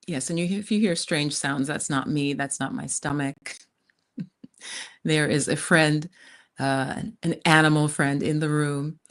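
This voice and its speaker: A woman hosting a tarot live stream, chatting casually with viewers in a rented countryside room. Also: deep voice. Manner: chatty, warm asides to viewers, frequent "you guys". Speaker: tarot reader, channel host.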